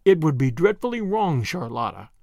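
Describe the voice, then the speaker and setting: A man's voice: high-pitched, big pitch swings, normal speed, dry recording, studio quality. A man voicing a dreamy, romantic young woman who speaks earnestly and firmly.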